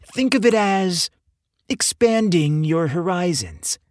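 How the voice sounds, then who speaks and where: A man's voice: high voice, expressive, slow, a little mellow, no echo, studio quality, voice pushed up. A man voicing a teasing young guy. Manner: teasing, cajoling.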